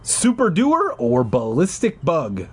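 A man reading a choose-your-path book aloud, animated, with sarcastic asides. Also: on the high side, slow, husky.

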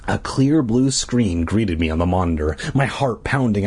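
Man, reading aloud, kids' book, husky, lively pitch, wry asides. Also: moderate pace, hardly any pauses. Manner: adds wry asides and corrections. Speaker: reader.

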